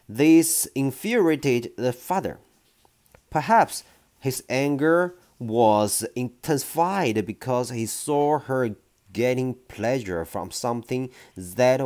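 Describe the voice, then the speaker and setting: A man reading a children's novel aloud in an unhurried storytelling manner, with small slips. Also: mid-range voice, darkish tone. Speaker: reader.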